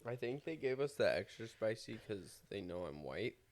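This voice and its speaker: A man's voice: on the low side, very animated, normal speed. A young man co-hosting an unedited podcast, wryly retelling jokes in a casual chat. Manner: wry, recounts jokes with quoted voices. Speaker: podcast co-host.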